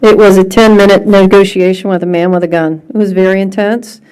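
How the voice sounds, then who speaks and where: A woman with a mid-range voice presents at a city council meeting. She speaks earnestly, with some pauses and fillers. Her tone stays formal and sincere. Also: medium pitch, fairly even intonation, a little mellow, smooth.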